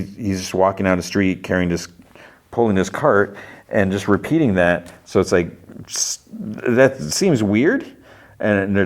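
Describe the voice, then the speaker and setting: A man hosting a podcast, recapping a TV episode casually with lots of fillers and restarts. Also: low-pitched. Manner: rambling, heavy use of fillers and restarts; briefly acts out characters' lines in quotes. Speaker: podcast host.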